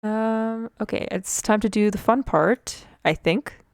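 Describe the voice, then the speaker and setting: A woman's voice: medium pitch, a little slow, clear, resonant tone, no room sound, studio quality. A young woman from Canada chatting casually on a livestream while she draws, rambling with fillers, with a slight speech impediment. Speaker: Twitch streamer.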